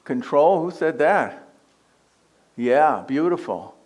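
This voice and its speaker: A man's voice: fairly high pitch, lively intonation, slow pace, a little mellow. A man giving a conversational spiritual talk as a guest speaker, joking and asking the audience questions.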